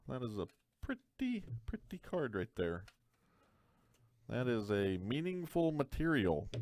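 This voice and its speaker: Host, male, lowish voice, dry deadpan asides, close dry sound. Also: no room sound. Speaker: card break host. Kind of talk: live card break commentary.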